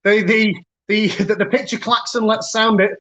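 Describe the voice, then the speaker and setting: Man, quiz host, chatty, chuckling, rereads questions slowly, dull lo-fi call sound. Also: sits high, little pitch movement, fairly bright tone. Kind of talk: hosting a virtual pub quiz. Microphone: computer mic on a video call. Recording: dull lo-fi video call audio.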